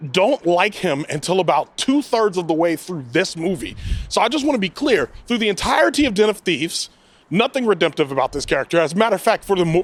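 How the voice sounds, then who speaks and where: A man giving a casual spoken movie review, animated and rambling, often breaking into mock quotes. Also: sits high. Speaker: film reviewer.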